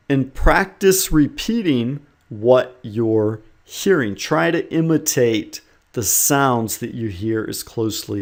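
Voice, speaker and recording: Earnest male English teacher coaching learners. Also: mid-range voice. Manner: earnest and encouraging, explains step by step. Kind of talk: instructional talk to learners.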